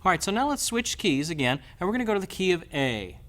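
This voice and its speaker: A man's voice: high voice, big pitch swings, fast talker. A man teaching a guitar lesson step by step, patiently counting beats aloud as he plays. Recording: loud guitar under the voice. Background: his own guitar playing.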